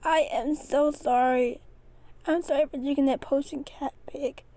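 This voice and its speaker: A woman's voice: sits high, fairly even intonation, unhurried, darkish tone, no room sound, voice pushed up. A woman voicing a young male puppy who is frightened and tearful, choking up as he talks.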